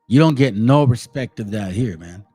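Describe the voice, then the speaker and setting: A man's voice: mid-range voice, expressive, moderate pace, darkish tone, slightly rough, faint music behind. A man in his forties ranting as channel host, confrontational and slangy. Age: 40s. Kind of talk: heated rant to a commenter.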